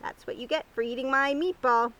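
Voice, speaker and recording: A woman reading aloud voices a cheeky, mischievous little male cat who shouts and wails. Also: sits high, fairly quick.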